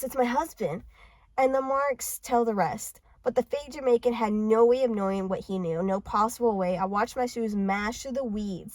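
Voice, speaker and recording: A woman's voice: fairly high pitch, a little mellow, no echo, rough recording. Woman reading a novel aloud, stumbling. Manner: stumbling restarts, swearing asides. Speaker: audiobook reader. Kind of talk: casual read-aloud of a novel with asides. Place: parked car.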